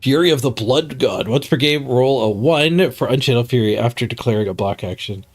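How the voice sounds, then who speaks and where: A man's voice: mid-range voice, animated, fairly quick. A man streaming a game, reading stats and musing casually to himself, a bit stuffed up. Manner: muttering to himself, chuckling at stats. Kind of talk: casual gameplay commentary.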